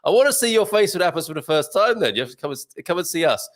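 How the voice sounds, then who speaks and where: A man's voice: high voice, sing-song, very fast. A man hosting a live online morning show, chatting and jokily reading viewer comments aloud. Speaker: host.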